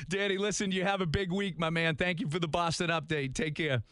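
A man in his fifties hosting a radio talk show, chatting casually and in a lively way. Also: fairly high pitch, a little fast, clean tone, dry recording, studio quality. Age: 50s. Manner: lively, easily cracking up.

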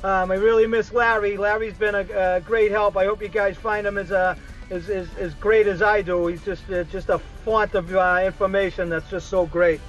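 A man's voice: sits high, flat delivery, moderate pace, lo-fi sound, soft background music. A middle-aged man with a Boston accent giving a rambling, casual weekly update, full of fillers and restarts. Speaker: regular segment contributor.

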